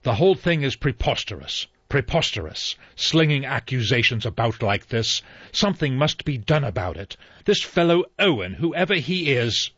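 A man's voice: mid-range voice, big pitch swings, unhurried, fairly bright tone, husky, no room sound, pitched above the performer's own voice, heavily acted. A man reading an audiobook, voicing an indignant, blustering elderly general. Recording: slightly dull dry recording.

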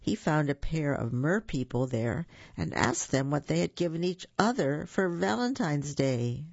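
A storyteller reading a children's picture book aloud, animated and warm, with small slips. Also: mid-range voice, measured pace, creaky, no room sound, highs cut off. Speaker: storybook reader.

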